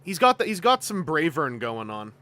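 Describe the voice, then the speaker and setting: A man's voice: on the high side, big pitch swings, normal speed, pushed and bright. A man chatting casually on a livestream as host, rambling with lots of asides and frequent laughter. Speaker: toy collecting streamer.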